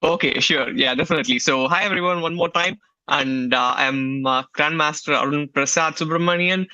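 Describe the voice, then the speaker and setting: Male guest coach, upbeat, sharp bright tone, muffled dry call audio. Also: on the high side, moderate pace, no room sound. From India. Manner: friendly, brief, upbeat replies. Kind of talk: casual interview chat.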